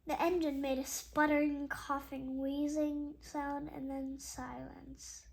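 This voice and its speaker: A woman reading a children's chapter book aloud, slowly and carefully, with small slips and chatty asides between passages. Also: sits high, level tone, vocal fry. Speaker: read-aloud host.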